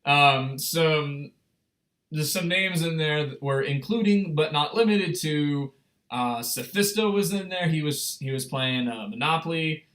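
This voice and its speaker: A young man telling a story on a casual livestream, rambling and excitable, full of fillers and restarts. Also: a little high, unhurried. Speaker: streamer.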